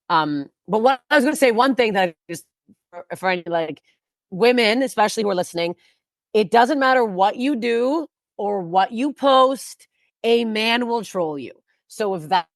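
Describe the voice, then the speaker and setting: A woman's voice: medium pitch, no room sound, clean studio sound. A woman comedian talking bluntly and profanely in a casual podcast chat, rambling with frequent restarts. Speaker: guest comedian.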